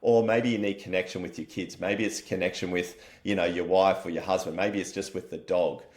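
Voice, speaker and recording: An Australian man who founded a wellness company appears as an interview guest, energetic and matey, swearing casually. He has a low voice and speaks fairly quickly.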